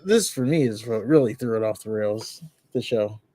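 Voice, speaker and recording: A man's voice: on the low side, normal speed, mellow, no echo. Easygoing male podcast co-host. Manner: short agreeing replies, easy laughs. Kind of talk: casual chat.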